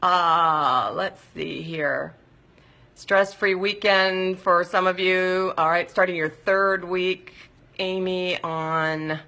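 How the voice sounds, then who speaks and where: A middle-aged woman hosts a live stream and chats through viewer comments. Her voice is a little low but sharp and bright, and she gushes with warm encouragement for her viewers. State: hot and sweaty, sighing.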